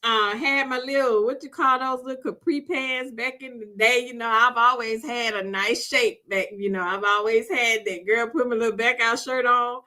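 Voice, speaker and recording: A middle-aged woman hosting a podcast, telling a personal story in an animated, chatty way, laughing often and calling the listener "girl". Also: fairly high pitch, moderate pace, hardly any pauses. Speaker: podcast host. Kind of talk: casual storytelling to women listeners.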